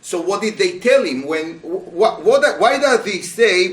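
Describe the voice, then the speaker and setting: A man teaching a Torah class as a rabbi, speaking with animated rhetorical questions to his students. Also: sits high, a little slow, hardly any pauses. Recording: roomy, voice from a distance.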